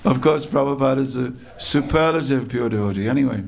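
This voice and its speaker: Gravelly-voiced man telling a temple sermon. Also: mid-range voice, a crowd in the background. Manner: gravelly voice, slow dramatic storytelling with repetition. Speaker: speaker at a temple festival. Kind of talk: storytelling sermon. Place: temple hall.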